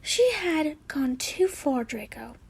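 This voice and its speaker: A woman's voice: sits high, sing-song, takes it slowly, vocal fry, a little mellow, in a whisper, heavily acted. A woman voicing a hotheaded young man in a fanfiction reading, seething and snarling his lines. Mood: furious.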